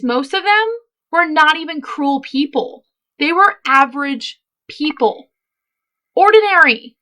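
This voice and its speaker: A woman's voice: sits high, sharp tone. A woman hosting a casual true-crime commentary, chatty and emphatic, wandering off into asides. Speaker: host.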